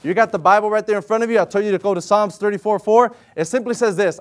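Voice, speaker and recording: A lay preacher with a noticeably high-pitched voice gives a sermon, earnest and conversational as if among friends, rising to hard emphasis on key words. When reading scripture he slows into a steady, measured King James cadence.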